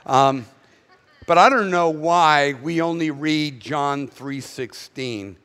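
High-voiced Northern US pastor preaching. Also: male voice, slow pace, a bit bright, clean tone. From northern United States. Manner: conversational and blunt, with casual asides. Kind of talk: sermon. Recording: echoey hall reverb.

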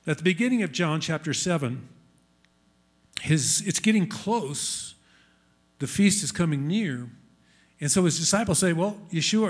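A man's voice: fairly high pitch, husky. A man preaching a sermon to a congregation in an earnest, rising and falling delivery. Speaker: messianic congregation teacher. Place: congregation hall with screen.

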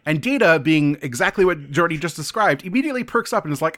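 A man co-hosting a podcast, casually recapping a book and quoting characters in quick paraphrase. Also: on the high side, lively intonation, fairly bright tone. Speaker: podcast co-host.

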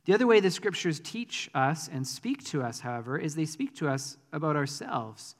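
A man's voice: a little high, sing-song, moderate pace, in a large hall. A man preaching a sermon in a conversational, earnest way, with frequent ums. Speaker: pastor.

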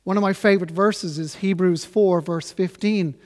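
A man preaching a sermon in an earnest, measured, reflective way. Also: high voice, steady tone, big-room sound.

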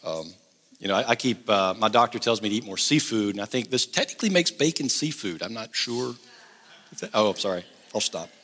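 A middle-aged man with a drawl delivers a sermon, moving from pointed questions to easygoing humor. His pitch is animated and swings widely. The sound rings out in a large hall with long reverb. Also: fairly quick. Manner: conversational, joking asides. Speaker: pastor.

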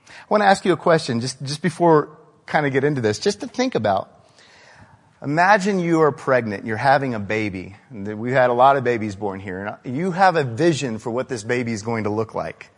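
A man's voice: medium pitch, expressive, a little fast. Man preaching in an echoing hall. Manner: conversational, storytelling, with frequent rhetorical questions. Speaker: pastor. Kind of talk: sermon.

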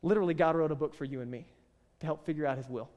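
A male pastor preaching a conversational, animated sermon and often asking the crowd questions. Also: a little high, rapid-fire. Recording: reverberant hall sound.

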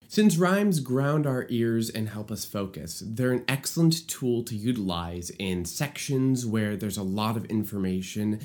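A man's voice: lowish voice, darkish tone. A man explaining lyric writing for musical theater in an enthusiastic, playful teaching style. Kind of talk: explanatory video lesson.

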